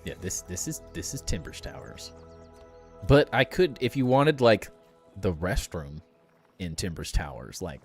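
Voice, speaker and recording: A man with a low voice chats with his live-stream viewers in a loose, rambling way, often laughing and restarting sentences. Soft music plays faintly behind him. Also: dry recording. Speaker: game streamer. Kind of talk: casual live-stream chat.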